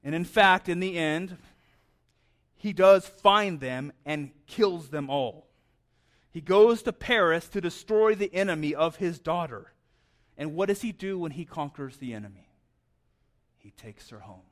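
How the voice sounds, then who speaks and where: A man preaching a sermon in a conversational way, often stammering and repeating words. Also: a little high. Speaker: pastor.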